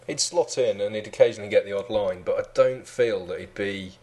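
A man from England co-hosting a comedy podcast, talking in a dry, deadpan way. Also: on the low side, fairly quick. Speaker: podcast co-host. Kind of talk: casual comedy chat.

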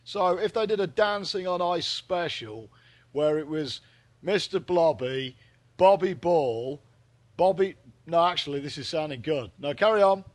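High-voiced man, teasing. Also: lively intonation, measured pace. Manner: playful, teasing banter. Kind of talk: comic casual chat.

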